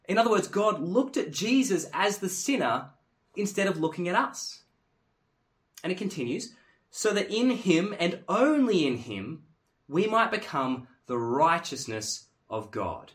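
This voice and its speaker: A man preaching a sermon in an earnest, emphatic way, dropping to hushed tones and then rising to forceful stress. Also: high voice, sing-song, unhurried.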